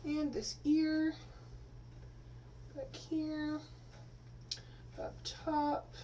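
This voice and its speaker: A woman's voice: high-pitched, completely flat delivery, drawn-out words, mellow. A woman from Texas, a teacher, casually talking through a hair-dye tutorial in a rambling way with lots of fillers. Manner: chatty, rambling, many fillers and restarts. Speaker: teacher and vlogger. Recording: slightly distant mic, faint room noise.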